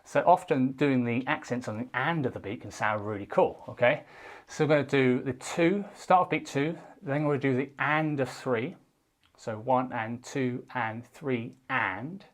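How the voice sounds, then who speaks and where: A man teaching a casual guitar lesson, talking in a relaxed way and counting beats out loud while he strums. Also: medium pitch, moderate pace. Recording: faint guitar playing behind.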